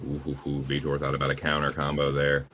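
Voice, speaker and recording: A man's voice: extremely low pitch, completely flat delivery, fast, a bit bright, slight background noise. A man with a Southern US accent calling live fight action play by play, casual and profane. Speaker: play-by-play commentator.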